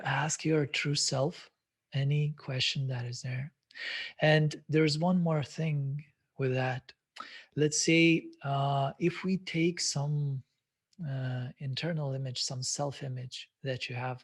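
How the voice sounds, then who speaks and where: A man hosting a self-development webinar, speaking reflectively with many hesitant filler sounds. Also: medium pitch. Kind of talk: live webinar talk.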